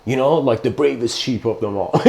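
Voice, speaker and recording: Guy doing a chill spiritual talk, mid voice, rambly and animated, laughing as he tells a story. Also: medium pitch, measured pace, vocal fry, a little hiss or hum. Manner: rambling, animated, laughs often, says "you know". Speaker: spiritual lecturer. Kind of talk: casual spoken lecture with storytelling.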